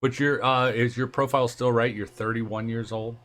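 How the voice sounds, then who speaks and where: A man's voice: medium pitch, steady tone, moderate pace, a bit bright. A man hosting a live stream, asking his guest questions in an easygoing way and laughing often. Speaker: stream host. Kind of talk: casual interview on a live stream. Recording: faint background noise.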